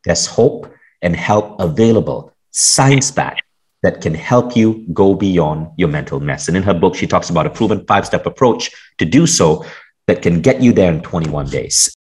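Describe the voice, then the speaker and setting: A man's voice: low-pitched, animated, moderate pace, a little mellow. A man hosting a podcast, introducing his guest with enthusiasm and chatting with her. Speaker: podcast host. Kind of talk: podcast interview.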